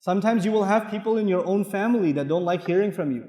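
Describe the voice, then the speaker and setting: Animated man lecturing in an echoey hall. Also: sits high, fast. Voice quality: animated, jokey storytelling with laughs. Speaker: preacher. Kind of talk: lecture on the Quran.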